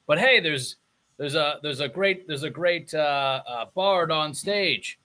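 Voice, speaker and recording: A man playing a tabletop game, talking haltingly with many restarts and fillers. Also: fairly high pitch, pushed and bright. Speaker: player.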